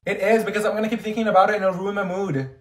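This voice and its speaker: A man voicing a loud, blunt, dramatic teenage schoolgirl who swears a lot, in a comedy sketch. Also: sits high, fairly even intonation, racing, crowd noise, close to an everyday voice. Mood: pushy.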